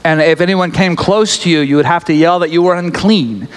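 A man's voice: fairly high pitch, a little fast. A man preaching a casual storytelling sermon, chatty and joking, with restarts and laughs. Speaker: pastor. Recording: echoey hall reverb.

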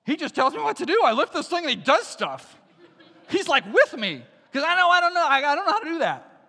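A man's voice: extremely high pitch, very animated, bright, forceful tone, big-room sound, voice pushed up, full character voice. A man voicing a timid male prophet who stammers in awe and doubt. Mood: amazed, unsure. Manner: halting, stammering.

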